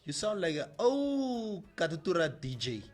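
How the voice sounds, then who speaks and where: A man's voice: high-pitched, big pitch swings, moderate pace. A man co-hosting morning radio, playful and laughing as he chats. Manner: playful, laughing, code-switching. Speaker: radio show co-host. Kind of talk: casual morning radio banter. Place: radio studio.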